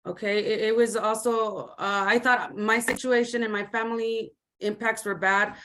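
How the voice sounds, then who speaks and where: Earnest woman telling her story haltingly. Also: medium pitch, fairly bright tone. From Commerce City, Colorado. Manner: earnest, halting, many fillers, mixes in Spanish words. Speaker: community advocate. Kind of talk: personal testimony on a video call.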